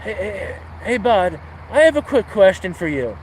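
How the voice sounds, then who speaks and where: Man doing a drunk bar patron, rambling, stammering, high-pitched, faint background noise. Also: very animated, normal speed, poor audio. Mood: slurring, puzzled.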